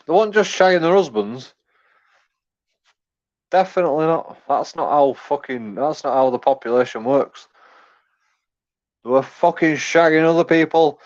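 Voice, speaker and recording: A man's voice: on the high side, measured pace, pauses often. English male commentator, profane and meandering, stumbling repeats, slightly muffled recording. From England. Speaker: YouTube commentator. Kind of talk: casual rant.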